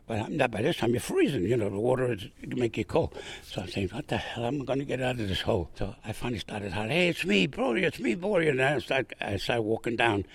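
Gravelly older man telling war stories. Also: on the low side, dry recording. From Brooklyn. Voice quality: gravelly, husky. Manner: rambling, animated, acts out voices in his story. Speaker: veteran guest. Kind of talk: oral history storytelling.

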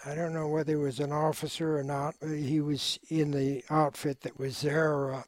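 A man's voice: fairly high pitch, darkish tone, no echo. Older man, war veteran, hesitant and reflective, dry sound. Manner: measured, reflective, hesitant with fillers. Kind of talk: oral history interview.

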